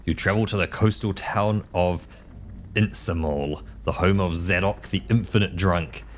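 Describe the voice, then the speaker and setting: A deep-voiced man reads a text adventure aloud on a live stream, running through the choices in a relaxed way before settling on one. A faint hiss sits under his voice. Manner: easygoing, reads options then quickly decides.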